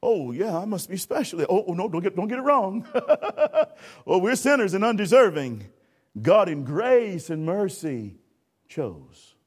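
A man preaching a sermon, addressing the congregation directly and acting out a lifeguard rescue with shouting. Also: sits high, sing-song, a little slow, slightly rough. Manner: calls for audience response.

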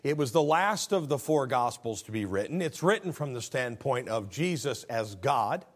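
A middle-aged male pastor giving a sermon, building to emphatic, raised passages and then dropping low and soft. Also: animated, normal speed. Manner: leads a call-and-response scripture reading.

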